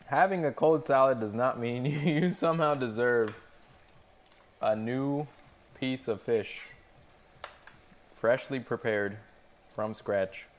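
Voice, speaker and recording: This is a man in the middle of a profane rant to his viewers while he cooks. His voice sits at an ordinary middle pitch. He tells his restaurant stories with plenty of exasperation. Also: slow pace, long pauses. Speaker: restaurant cook streaming to chat. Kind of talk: casual livestream rant while cooking.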